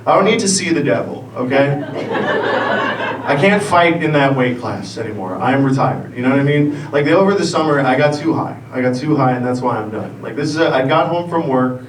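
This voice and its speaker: A man's voice: medium pitch, animated, brisk, noisy background. A man in his thirties doing a loose, rambling stand-up set and bantering with the crowd. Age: 30s. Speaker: stand-up comedian. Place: theater stage. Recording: roomy live theater sound from a distance. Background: audience ambience.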